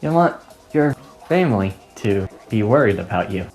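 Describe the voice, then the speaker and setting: Brief: scolding school nurse, voiced by a woman reading a fan story, quick, lively pitch. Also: soft background music.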